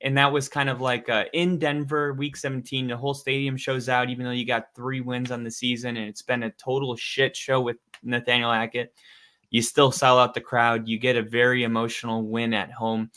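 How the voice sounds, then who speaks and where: Bright-voiced man telling a sports story. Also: medium pitch, brisk. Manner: animated storytelling, acts out quotes. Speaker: podcast co-host. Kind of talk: casual sports chat.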